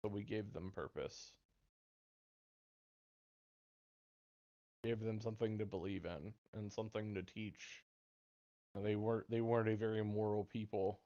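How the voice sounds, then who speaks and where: A man voicing a weary ancient god who explains an old pact in a measured, matter-of-fact way. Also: lowish voice, fairly even intonation, mellow, lo-fi sound, natural voice. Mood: explaining.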